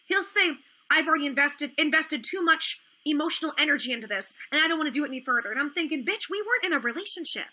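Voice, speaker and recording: A woman's voice: high voice, pushed and bright. A woman hosting a livestream, talking in an indignant, sarcastic and profane rant, sounding worn out. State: tired, low energy. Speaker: livestream host. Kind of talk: ranting livestream talk.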